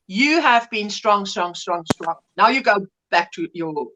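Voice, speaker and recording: A woman's voice: mid-range voice, lively intonation, unhurried, sharp tone, slight background noise. A woman in her fifties hosting a crochet livestream from home, chatting casually, greeting viewers and laughing often as she tells stories. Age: 50s. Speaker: livestream host. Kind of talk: casual chat reading viewer comments.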